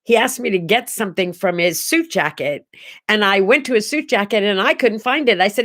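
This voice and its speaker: A woman's voice: mid-range voice, lively intonation, fairly quick, a bit bright. A middle-aged American woman hosting a casual solo talk show, chatting in a rambling way and telling stories with many asides. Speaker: host.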